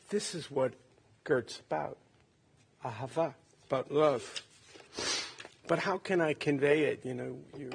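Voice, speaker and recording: A man in his late sixties from Ohio, a son giving a halting, tender eulogy at a funeral. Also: a little high, gravelly, husky. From Cleveland, Ohio. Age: 60s. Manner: halting, reflective, tender storytelling.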